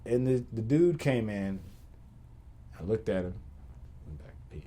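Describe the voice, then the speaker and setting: A man's voice: fairly low pitch, unhurried. A man hosting a podcast, telling stories in a casual, profane, slangy rant that loops back on itself. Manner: animated, profane, slangy, rambling with repeats. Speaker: podcast host.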